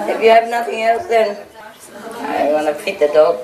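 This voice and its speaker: Unhurried and mid-range in pitch, a spiritual teacher addresses her disciples informally, full of laughter, teasing and stories. A crowd sits in the background, a large audience laughs, and the room sounds echoey and distant.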